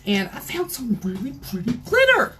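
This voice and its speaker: A woman's voice: on the high side, wildly swooping pitch, normal speed, pushed and bright, a little hiss or hum. Chatty woman hosting a craft tutorial. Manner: chatty, talks straight to viewers as "y'all". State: out of breath. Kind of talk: casual live tutorial chat.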